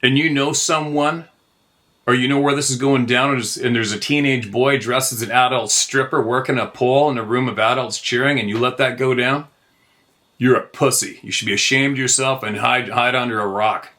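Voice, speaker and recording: A middle-aged host launches into an angry, profanity-laced rant on his own program. He speaks at a normal speed in a medium pitch, his tone steady, bright, and forceful.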